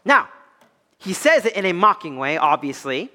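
Young male pastor, high bright voice, emphatic swings from loud to hushed. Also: very animated, moderate pace, in a large hall. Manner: emphatic preaching, swinging between loud high peaks and low quiet stretches. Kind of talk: expository sermon.

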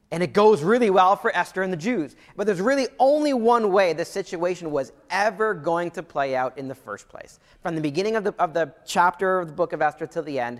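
A man in his thirties preaching a sermon in a conversational way, often repeating phrases and restarting sentences. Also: fairly high pitch. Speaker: pastor. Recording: long hall reverb.

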